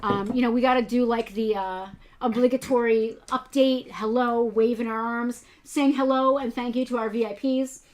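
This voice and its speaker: A woman's voice: fairly high pitch, fairly even intonation, moderate pace, a little mellow. A woman co-hosting a toy shop's live stream, chatting casually with frequent laughs and rambling asides.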